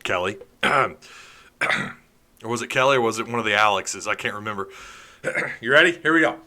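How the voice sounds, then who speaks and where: A man's voice: lowish voice, moderate pace, pushed and bright. A man hosting a live stream, chatting casually, reading comments and joking sarcastically.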